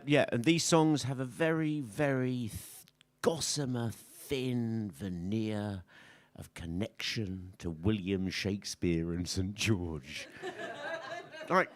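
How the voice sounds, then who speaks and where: Unhurried older folk singer joking. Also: male voice, fairly low pitch. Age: 60s. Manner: rambling, self-mocking storyteller with dry jokes. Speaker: folk singer-songwriter introducing songs. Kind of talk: onstage banter between songs. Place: live music venue stage. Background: live audience and instruments.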